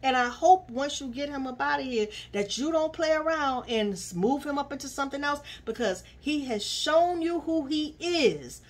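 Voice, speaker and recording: A woman giving sassy, animated commentary while she recaps a reality TV episode and scolds its cast. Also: high-pitched, normal speed, few pauses.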